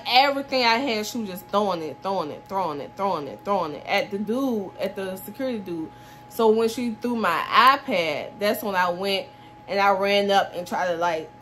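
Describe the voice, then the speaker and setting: A woman's voice: mid-range voice, a little hiss or hum. A woman in her twenties telling a casual storytime vlog, acting out the quoted dialogue of everyone involved. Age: 20s. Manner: animated retelling that acts out quoted dialogue, with laughs.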